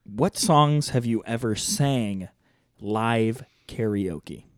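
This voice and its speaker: A man's voice: lowish voice, animated, extremely slow, no room sound, studio quality. A man co-hosting a podcast in casual chat, laughing often and restarting his sentences. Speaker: podcast co-host.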